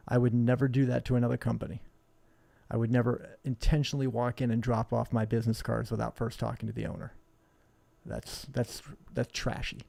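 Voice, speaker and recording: A man's voice: medium pitch, vocal fry, mellow, no room sound. A man who owns a hobby shop, talking bluntly and combatively in a rambling live stream. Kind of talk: live-streamed casual talk.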